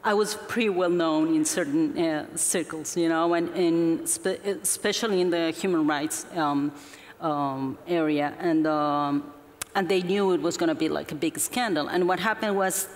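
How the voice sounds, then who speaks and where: Low-voiced woman, halting storyteller. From Mexico. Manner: earnest, halting storytelling with many restarts and fillers. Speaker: guest, investigative journalist. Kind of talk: onstage conversation. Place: festival stage before an audience. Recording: hall reverb from a live event.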